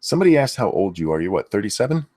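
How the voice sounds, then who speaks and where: Casting note: man, very low voice, relaxed co-host chat, dry close mic. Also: rapid-fire, no echo. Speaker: streamer co-host. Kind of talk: casual chat.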